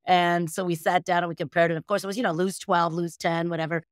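A woman's voice: lowish voice, level tone, fast, no room sound, studio quality. A woman from the United States, a guest on an interview show, answering casually and rambling with lots of fillers and restarts. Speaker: guest, bridge champion.

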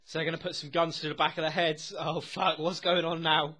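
A young man reacting to a TV episode as he watches. He talks excitedly, swears constantly and often laughs. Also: a little high, fairly quick. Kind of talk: live reaction commentary.

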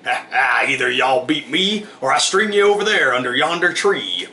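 A man voicing a menacing toothless hillbilly with a raspy Southern drawl, recorded in an echoey room. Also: expressive, normal speed. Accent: Southern US rural. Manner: threatening drawl, higher and louder. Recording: roomy echo.

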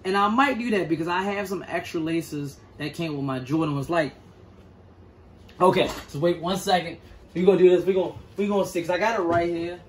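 A man's voice: high-pitched, a little fast, slight background noise. A man casually reviewing sneakers, reading product details aloud and stumbling over words.

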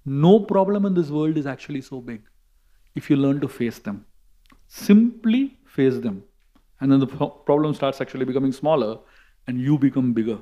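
A man with an Indian English accent giving a sermon, telling a story in a lively way with emphatic repetition. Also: mid-range voice, moderate pace, highs cut off. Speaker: monk and speaker.

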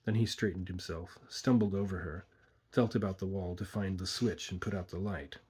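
A man slowly reading a horror story aloud in a hushed, deliberate way. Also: low voice, steady tone, husky. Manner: slow, hushed, deliberate narration.

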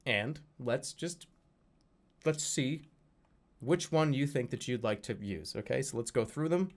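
A man's voice: mid-range voice, unhurried. A young man reviewing his viewers' emotes, rambling and joking, stumbling over his words and swearing. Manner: rambling, animated, swears, slips into silly voices. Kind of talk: casual comedic commentary.

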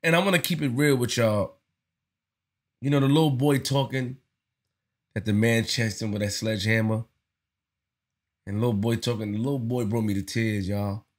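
A man's voice: mid-range voice, fairly even intonation, moderate pace, pauses often. A man giving casual spoken commentary on his channel, earnest and slangy, often repeating himself as he talks it through. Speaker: vlogger.

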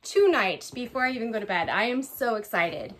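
High pitched woman gushing on camera, keeps repeating how excited she is. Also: fairly quick, slight background noise. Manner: gushing, effusive, repeats phrases. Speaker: vlogger opening a gift package. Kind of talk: casual unboxing vlog.

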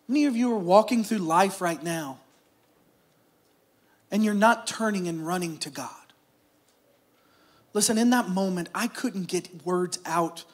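A man preaching a sermon, telling a story with emotion and swinging between loud stretches and hushed whispers. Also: high-pitched. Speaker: pastor.

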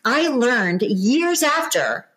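A woman's voice: fairly high pitch, very animated, extremely slow, fairly bright tone, slightly rough, rough recording. A woman business coach speaking as a podcast guest, earnest and encouraging, with frequent restarts. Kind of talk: casual podcast interview.

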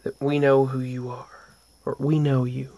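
A man's voice: mid-range voice, level tone, moderate pace, dark tone. A man earnestly telling a rambling, casual story about paranormal events at home, often restarting his sentences. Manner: rambling, with restarts and trailing asides. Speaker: vlogger.

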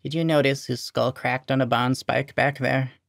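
A grim old war veteran speaks slowly and gravely, voiced by a man reading a story aloud. His voice is gravelly and the sound is dry and close. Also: mid-range voice, fairly even intonation, dry recording, lightly acted.

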